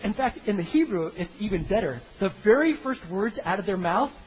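Animated preacher man, lively high voice. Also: a little fast, highs cut off, a little hiss or hum. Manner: animated, comic, acts out biblical characters in funny voices. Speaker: pastor. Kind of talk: sermon.

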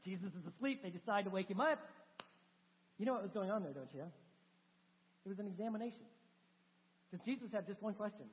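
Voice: mid-range voice, expressive, brisk, pauses often. A preacher giving a sermon, telling stories with animation and acting out quoted dialogue. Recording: dull sound with long hall reverb.

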